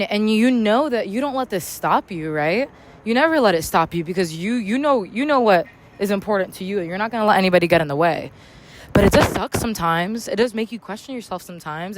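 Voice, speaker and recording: A woman hosting a casual motivational podcast monologue, talking loudly and candidly with slang and swearing, recorded outdoors in a public spot near traffic. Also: medium pitch. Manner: loud, candid, slangy and profane. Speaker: podcast host.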